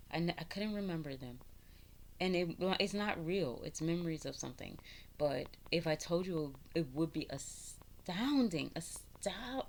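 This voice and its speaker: Animated spiritual vlogger woman, low voice. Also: a little hiss or hum. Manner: animated, preachy, rhetorical questions, laughs often. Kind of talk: casual spiritual vlog monologue.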